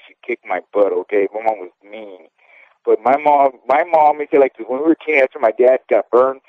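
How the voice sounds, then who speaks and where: Over a thin, phone-like line with a dry, close sound, a man in his fifties rambles candidly through his memories. His voice sits at an ordinary middle pitch, and he keeps tagging his points with little check-ins to the listener. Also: no room sound. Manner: candid and rambling, often tags "okay?". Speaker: interview guest, former boxer. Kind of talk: casual phone interview.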